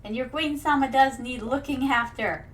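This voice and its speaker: A young woman chats through a gaming stream with a high, bright-pitched voice and a faint hiss of noise behind her. She rambles with lots of fillers and plays a playful queen persona, calling her viewers her darlings. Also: moderate pace. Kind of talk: casual gaming stream chat.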